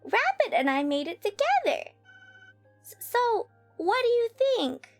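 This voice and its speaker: Woman doing a gentle doting bear cook. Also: extremely high pitch, very animated, measured pace, faint music behind, pitched above the performer's own voice, heavily acted.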